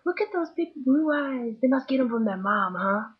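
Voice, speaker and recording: A woman's voice: sits high, expressive, normal speed, husky, muffled recording, voice pushed up. A woman voicing a gushing, slightly tipsy toothless man who showers strangers with compliments.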